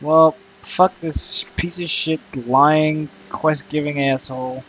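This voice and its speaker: A man's voice: on the high side, fairly even intonation, takes it slowly, a bit bright, slight background noise, rough recording. A young man giving crude, rambling let's play commentary, swearing constantly and muttering at the enemies he fights. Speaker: gamer playing solo.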